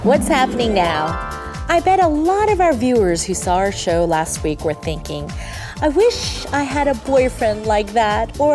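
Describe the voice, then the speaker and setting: A young woman hosts an English-learning interview show from a TV studio. Her voice is lively and swoops up and down as she chats and laughs, now and then explaining a word in Korean. Faint music sits underneath. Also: a little high, unhurried. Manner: bubbly, laughs often, drops in Korean explanations. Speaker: TV show host.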